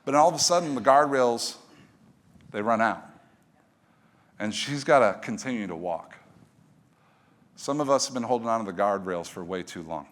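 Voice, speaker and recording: A middle-aged man telling a story to an audience as a motivational speaker, animated, swinging from hushed to loud. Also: mid-range voice, moderate pace, long pauses.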